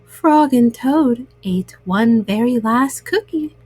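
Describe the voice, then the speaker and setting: Slow, high-voiced woman reading bedtime stories. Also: expressive, husky, no room sound. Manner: gentle and soothing, talking to young listeners. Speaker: storyteller.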